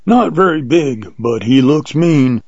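A man voicing a calm, laconic old plainsman who speaks in an unbothered drawl, in a dull lo-fi recording. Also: mid-range voice, slow pace, dry recording, pitched above the performer's own voice.

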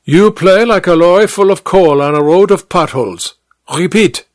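A severe elderly piano teacher with an Austrian accent, as a male narrator puts her on, snapping out curt, growling commands. She sits noticeably higher than the reader's own voice in this storybook reading, with a strained, pinched edge. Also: moderate pace, lightly acted. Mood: stern. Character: stern old female Austrian piano teacher.

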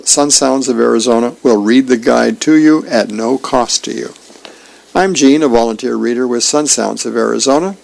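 A man who volunteers as a radio reader, reading comic strips and announcements aloud in a relaxed, plain way with fillers. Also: mid-range voice, gravelly, low-quality recording.

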